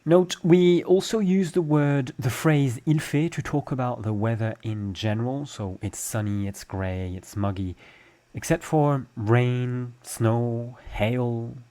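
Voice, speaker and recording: A young adult man from France, speaking with a French accent, teaches a language lesson, patiently explaining each step with examples. His mid-range voice is warm and slow.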